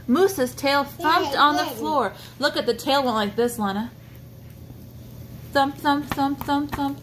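A woman reads a picture book aloud to a toddler at a slow, unhurried pace. Her high voice swings widely as she coaxes and asks the child questions about the pictures. A faint hiss sits under the recording. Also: a bit bright. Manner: sing-song, coaxing, points at pictures and asks the child questions. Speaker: storybook reader for a child.

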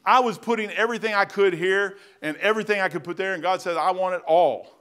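A pastor preaches a sermon in a church sanctuary, his voice sitting high and bright with a forceful edge. He talks fast, telling stories in a folksy, plain-spoken manner punctuated by bursts of emphasis.

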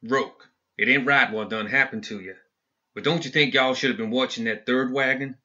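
A man's voice: medium pitch, fairly even intonation, moderate pace, bright, forceful tone, close to an everyday voice. A man voicing a mean, sly outlaw gang boss in a dull lo-fi audiobook recording. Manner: sly, grinning. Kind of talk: audiobook story reading.

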